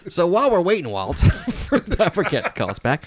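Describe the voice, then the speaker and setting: A man's voice: high-pitched, normal speed, dry recording. A man co-hosting a podcast in casual chat, joking and laughing often. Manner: jokey, laughs often, animated. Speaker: podcast co-host.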